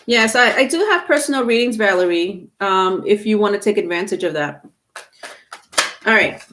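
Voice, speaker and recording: A woman's voice: medium pitch, lively intonation, normal speed, fairly bright tone, a little hiss or hum. A woman doing a live-stream tarot reading, chatty and loose, laughing often and trailing off with fillers and restarts. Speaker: tarot reader.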